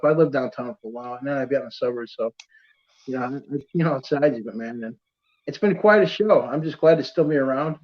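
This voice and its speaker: A man telling stories in casual chat, rambling with many fillers and laughing through his tales. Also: on the high side. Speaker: storyteller in casual conversation. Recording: dull lo-fi audio.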